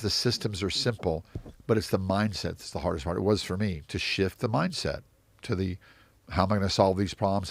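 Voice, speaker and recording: A low-pitched man with a gravelly, fry-laden voice gives motivational business advice. He is emphatic and keeps repeating his key phrases. The sound is dry and close. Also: no room sound. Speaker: real estate investor and mentor. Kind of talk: interview answers.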